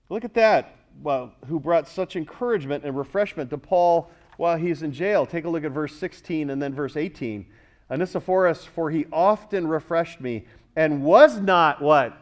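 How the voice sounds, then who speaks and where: A man, a pastor, preaching a sermon, rising louder on key words and questioning the congregation. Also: fairly high pitch.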